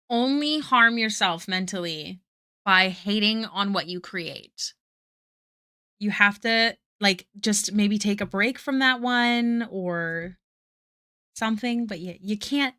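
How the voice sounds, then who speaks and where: A woman's voice: mid-range voice, sharp tone, clear, resonant tone, no echo, studio quality. A young woman, chatting casually with her livestream viewers and muttering asides while she draws. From Canada. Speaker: art streamer.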